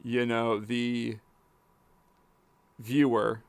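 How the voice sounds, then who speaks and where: Slow, hesitant man narrating gameplay. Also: mid-range voice, level tone, vocal fry, clean tone, no room sound. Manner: hesitant, stammers and repeats words. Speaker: gaming video host. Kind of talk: casual gameplay commentary.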